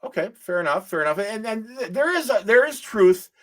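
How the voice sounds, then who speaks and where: A man hosting a pirate-themed finance talk show, playful and quick to react. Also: high voice. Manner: playful, lively, reacts with disbelief. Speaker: host.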